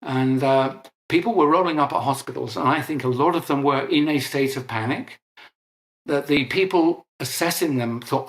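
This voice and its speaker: A man's voice: mid-range voice, normal speed. Older man, echoey room. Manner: detailed, technical, with frequent restarts and self-corrections. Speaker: interview guest. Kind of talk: explanatory conversational interview.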